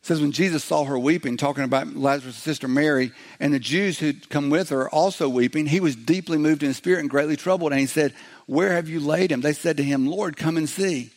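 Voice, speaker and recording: A middle-aged man preaching a sermon in a conversational way, slipping into quick acted-out voices as he goes. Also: on the high side. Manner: conversational preaching, acts out little quoted voices. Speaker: pastor.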